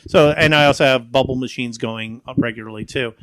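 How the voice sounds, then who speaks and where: A man from Florida, a magician and balloon artist, telling stories as a podcast guest. He is animated, acts out the dialogue and laughs often. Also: medium pitch, a little fast, a little hiss or hum. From Florida, USA. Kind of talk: casual podcast conversation.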